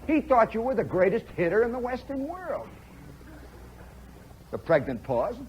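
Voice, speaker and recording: A man from the Chicago area spins a long story on live radio, his fairly high voice swooping up and down as he talks. He keeps tossing in "see?" and "you know" to pull the listener along. The sound is a dull, muffled 1960s broadcast with a faint hiss underneath. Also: a little slow. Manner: animated, conversational, full of "see?" and "you know" asides.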